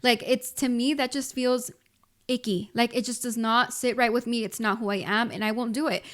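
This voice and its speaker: Woman, twenties, podcast host, casual emphatic motivational talk, filler-heavy, fairly high voice. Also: steady tone, normal speed. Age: 20s. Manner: casual and emphatic, frequent "like" and "you guys".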